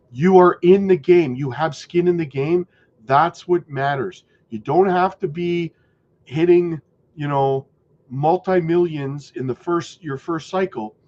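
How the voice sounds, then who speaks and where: Hoarse chatty male crypto streamer. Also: on the high side, a little hiss or hum. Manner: chatty, shouts out viewers by name. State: voice going hoarse. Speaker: crypto livestream host. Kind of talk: casual livestream chat reading comments. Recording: dull lo-fi audio.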